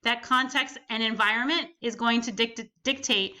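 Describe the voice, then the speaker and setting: A woman's voice: on the high side, fairly even intonation, normal speed, pushed and bright. A woman instructor giving a recorded class lecture, explaining step by step and often checking in with the listener. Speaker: college instructor.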